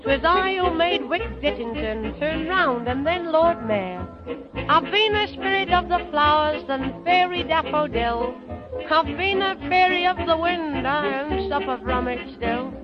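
A woman's voice: high voice, lively intonation, a little slow. A woman singing a comic music hall number as a wry, aging fairy queen, chuckling between lines. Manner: bright sung music hall delivery with chuckles. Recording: old dull record with loud band.

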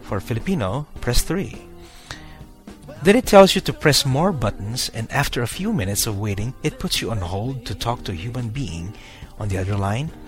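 A man's voice: mid-range voice, lively intonation, a little fast, hardly any pauses, faint music behind. A man hosting a podcast, talking casually to his listeners with many fillers and restarts. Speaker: podcast host.

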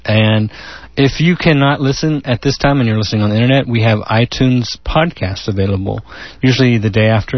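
A man co-hosting a talk radio show, relaxed and promotional. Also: medium pitch, no room sound. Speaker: radio co-host. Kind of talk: casual talk radio chat. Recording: dry dull lo-fi radio recording.

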